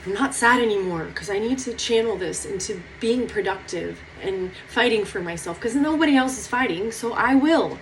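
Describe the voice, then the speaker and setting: Young woman venting to her camera, rambly and teary, swears a lot, mid pitch, a little background hiss. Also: expressive, normal speed, few pauses, low-quality recording. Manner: rambling, emotional, swears casually. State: near tears. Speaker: vlogger. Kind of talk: personal confessional vlog.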